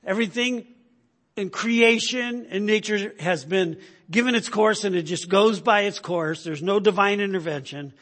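A man's voice: high-pitched, moderate pace, fairly bright tone. A man preaching a sermon in an emphatic, conversational way, often checking in with the listeners. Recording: long hall reverb.

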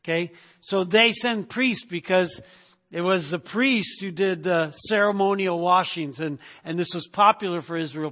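A man's voice: on the high side, pushed and bright, in a large hall. A man teaching a sermon in a conversational way, often stopping to ask "right?" and repeating words as he goes. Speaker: preacher.

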